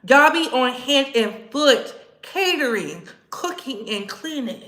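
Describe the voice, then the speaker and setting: A woman host giving blunt, sassy, profane commentary, telling stories with animated asides. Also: high voice, slow pace, few pauses, echoey room. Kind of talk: casual commentary vlog.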